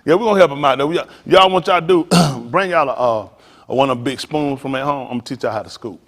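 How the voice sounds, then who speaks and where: A middle-aged man pastor, teasing and preaching to his congregation in a joking, animated way. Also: mid-range voice, fast, a little hiss or hum. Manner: animated, teasing, talks straight to the crowd. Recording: long hall reverb.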